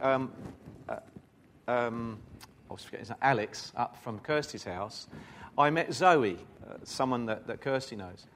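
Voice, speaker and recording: A man preaching a sermon in a fairly high voice. He reads scripture aloud and keeps stepping out of it for relaxed, conversational asides to the congregation.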